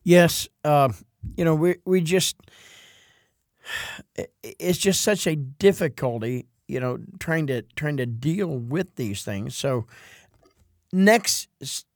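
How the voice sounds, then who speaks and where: A man co-hosting a religious talk show, speaking thoughtfully and haltingly, with many restarts and "you know"s. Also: a little high, expressive, no room sound, clean studio sound. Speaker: co-host. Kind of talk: casual religious discussion.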